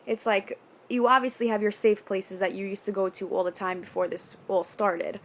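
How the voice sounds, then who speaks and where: A young woman from New York talking candidly in a casual vlog, rambling with quick nervous asides and casual swearing. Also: mid-range voice, fairly even intonation. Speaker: vlogger. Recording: faint background noise.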